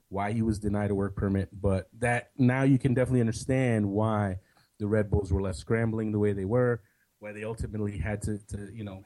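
A man with a fairly low voice co-hosting a sports podcast. He talks in a casual, opinionated way and restarts his sentences often. He comes across as a relaxed analyst. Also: rough recording. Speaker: podcast co-host.

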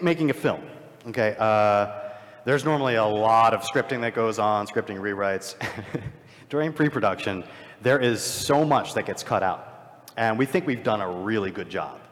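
Joking filmmaker on a convention stage. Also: male voice, lowish voice, expressive, measured pace. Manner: joking, self-deprecating storyteller. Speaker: filmmaker panelist. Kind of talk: live panel discussion. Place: convention hall panel. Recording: hall reverb from a live stage.

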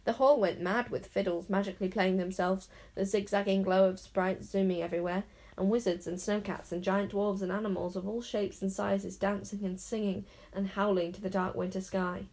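A woman's voice: mid-range voice, normal speed, hardly any pauses. A woman reading a children's fantasy storybook aloud, narrating expressively. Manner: expressive, lively character voices.

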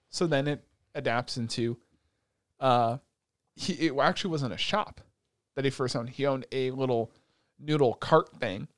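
A man's voice: medium pitch, unhurried, no room sound. Man retelling a story animatedly, dry sound. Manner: animated retelling with swearing and laughs. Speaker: podcast co-host. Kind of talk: casual anime podcast chat.

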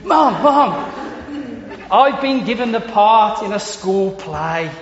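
A man voicing an excited little Scottish boy, eager and breathless, in a sermon joke. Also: sits high, unhurried, slight background noise. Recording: echoey hall, dull lo-fi sound.

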